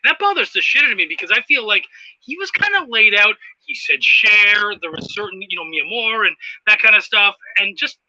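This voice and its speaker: Enthusiastic male host, high and very bright, profane, dull dry lo-fi sound. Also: expressive, quick pace, no room sound. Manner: enthusiastic, profane, reads viewer comments. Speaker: podcast host. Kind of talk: casual interview chat.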